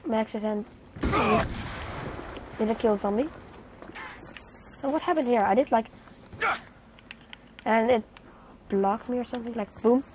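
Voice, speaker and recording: A young woman who is not a native English speaker chats through her gameplay in a fairly high voice, now and then breaking into startled exclamations. The recording is noisy, with a clear hiss behind her voice. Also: a little slow, pauses often. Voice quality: chatty, bursts into startled exclamations. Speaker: gaming channel host. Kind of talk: casual gameplay commentary. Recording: noisy home game recording.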